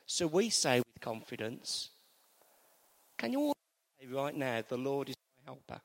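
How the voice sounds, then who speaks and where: A man's voice: mid-range voice, big pitch swings, a little slow, in a large hall. A man preaching a sermon in a church, leading the congregation in call-and-response and repeating key lines.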